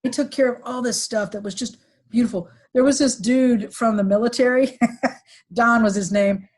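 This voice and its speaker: A middle-aged woman recounting a painful family story on a podcast, with halting restarts and fillers, sometimes quoting others in livelier voices. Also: fairly high pitch, darkish tone. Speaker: podcast guest, executive recruiter. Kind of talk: emotional personal storytelling.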